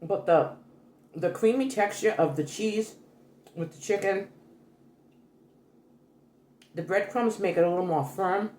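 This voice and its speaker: A woman's voice: medium pitch, measured pace, long pauses, darkish tone, roomy sound. An older woman hosting a homey cooking vlog, chatty and correcting herself as she talks through a recipe in her kitchen. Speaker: cooking vlogger. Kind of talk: casual cooking demonstration. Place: home kitchen.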